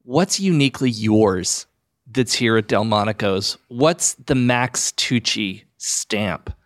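A man's voice: fairly low pitch, animated, slow pace. A man interviewing a guest, asking questions in a friendly way.

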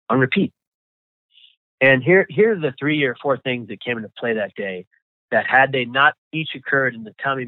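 Man with halting speech over a tinny line. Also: medium pitch, no room sound. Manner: halting, repeats words when emotional. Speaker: guest, survivor telling his story. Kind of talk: personal story in an interview.

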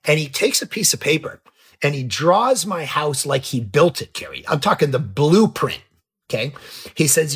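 A middle-aged man, a pastor and author, telling a story as a podcast guest, lively and jumping in pitch when he acts out scenes. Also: moderate pace, husky. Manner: animated, jumps pitch when acting out scenes. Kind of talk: casual storytelling in an interview.

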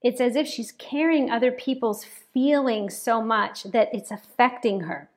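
A woman pastor preaching a sermon in an animated way, repeating words for emphasis. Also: a little high, unhurried. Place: church, speaking to a congregation and online chat.

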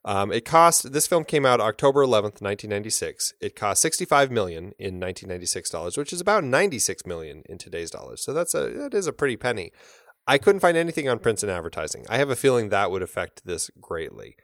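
Low-voiced man, rambling podcast co-host. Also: very animated, fast talker, fairly bright tone, no echo, studio quality. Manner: rambling, with many fillers and restarts; laughs easily. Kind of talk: casual film podcast chat.

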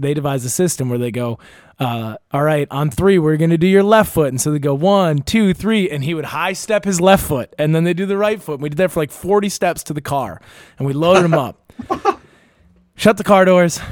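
Young man, casual chat, rambling, profane, fillers, bright-ish pitch, dry mic. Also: dry recording. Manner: rambling, profane, laughing, many fillers and restarts.

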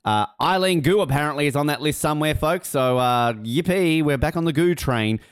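A man's voice: a little high, a little fast, smooth, no room sound, studio quality. A man co-hosting a sports podcast, joking and rambling with lots of fillers. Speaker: podcast co-host. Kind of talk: casual podcast chat.

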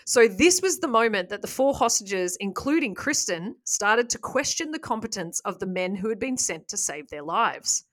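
A woman hosting a casual podcast, retelling a story with lively asides and laughs. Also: mid-range voice, moderate pace, hardly any pauses. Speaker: podcast host.

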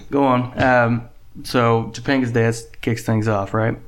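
A man's voice: medium pitch, little pitch movement, unhurried. A man co-hosting a podcast in casual chat, joking and swearing as he rambles. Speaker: podcast co-host.

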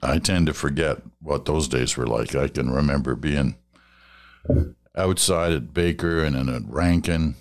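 An older man with a Canadian accent, hosting a podcast and reading listener letters aloud in a relaxed, musing way, chuckling often. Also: rumbling low, unhurried. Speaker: podcast host.

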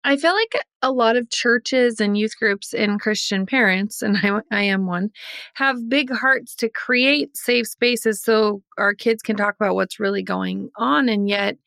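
A woman's voice: fairly high pitch, measured pace, gravelly, fairly bright tone, dry recording, clean studio sound. A woman hosting an interview, reflecting on her own parenting and asking thoughtful questions. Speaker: interview host. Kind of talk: conversational interview.

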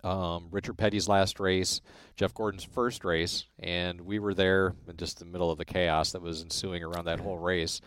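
A guest from Illinois swaps career stories in a casual chat, animatedly performing the voices of the people he quotes. His voice is low, his pace moderate, and he barely pauses.

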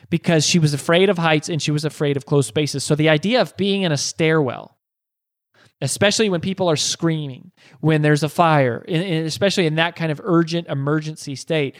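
A man's voice: a little high, no echo, clean studio sound. A man hosting a podcast, telling a motivational story with repeated phrases and rhetorical questions. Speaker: podcast host.

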